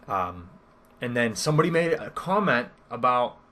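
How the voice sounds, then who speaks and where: A man's voice: mid-range voice, big pitch swings, moderate pace, pushed and bright. A man casually recounting a tabletop game session, rambling and interrupting himself with lots of fillers. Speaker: first-time game master recapping a campaign. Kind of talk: casual storytelling recap.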